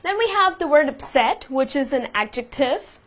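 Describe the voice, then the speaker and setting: A woman's voice: sits high, expressive, normal speed, fairly bright tone. A woman teaching a vocabulary lesson, patiently explaining word meanings with example sentences. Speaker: English teacher.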